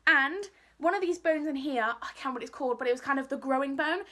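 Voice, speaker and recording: A woman's voice: sits high, fast, pushed and bright. A young woman telling a story casually and animatedly, acting out what people said. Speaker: vlogger.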